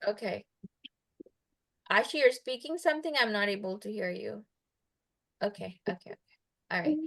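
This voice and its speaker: A woman's voice: medium pitch, expressive, moderate pace, vocal fry, fairly bright tone. A woman casually telling a story to a child over a video call, chatty and full of fillers, stopping to quiz her listener.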